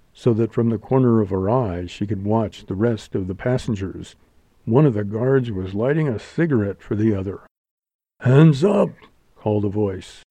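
Man narrating a book, very dark mellow voice, dry close sound, steady storytelling. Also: mid-range voice, vocal fry, no room sound. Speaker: audiobook narrator. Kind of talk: scripted narration.

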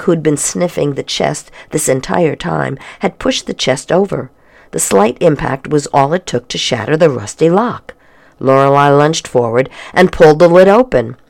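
A woman reading a children's adventure story aloud with expressive storytelling. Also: sits low, gravelly. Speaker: narrator.

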